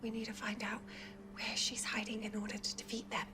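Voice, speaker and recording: An actress playing a frightened young woman who speaks in a hushed, urgent whisper. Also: a little high, completely flat delivery, brisk, natural voice. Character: young woman under a creature's control, frightened. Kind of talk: TV drama acting. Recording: TV clip audio with hum.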